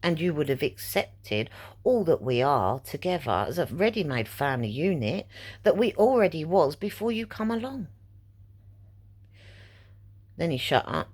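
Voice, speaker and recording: A woman's voice: low-pitched, very animated, unhurried, long pauses, darkish tone. A middle-aged woman telling a personal story in a casual vlog, indignant and rambling as she re-enacts conversations. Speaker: vlogger.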